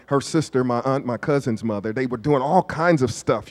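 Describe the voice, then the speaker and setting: A man, a pastor preaching a storytelling sermon, moving from hushed asides to shouted peaks. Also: medium pitch, moderate pace, few pauses. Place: church sanctuary. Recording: long hall reverb of a church.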